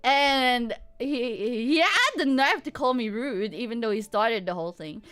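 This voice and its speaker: High-pitched, lively woman streamer. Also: unhurried, clean tone. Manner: animated, laughs often, swears freely. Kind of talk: casual storytelling chat.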